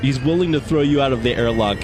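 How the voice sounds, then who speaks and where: A man's voice: medium pitch, fast, noisy background. A man rambling and joking in a casual played-back clip. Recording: loud music underneath.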